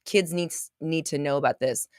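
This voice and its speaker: A woman hosts a casual motivational livestream, reading viewer comments aloud and responding emphatically and gushingly, repeating herself and occasionally swearing. Her low-pitched voice is clear, resonant and a little mellow at a moderate pace, in studio-quality sound with no echo.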